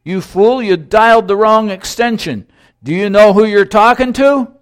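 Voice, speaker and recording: Man playing a shouting, pompous company boss. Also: high-pitched, normal speed, clean tone, voice pushed up, close to an everyday voice. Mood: indignant. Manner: scolding, shouting. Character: pompous male managing director, short-tempered.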